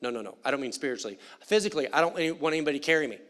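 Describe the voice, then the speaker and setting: A man preaching a sermon in a church, animated and conversational with playful asides. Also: on the high side, racing. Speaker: pastor. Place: church sanctuary.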